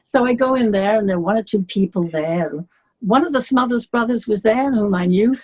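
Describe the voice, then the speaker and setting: An older English woman, a singer being interviewed, telling stories in a lively way and acting out the people she quotes. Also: a little high, brisk, husky. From England. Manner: animated storyteller, acts out the people she quotes. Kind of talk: casual storytelling.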